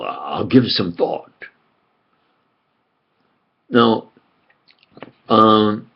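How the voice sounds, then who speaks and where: An older man with a New York accent, speaking in a slow, halting, rambling monologue full of fillers and restarts. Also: fairly high pitch, creaky, husky, lo-fi sound. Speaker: channel host.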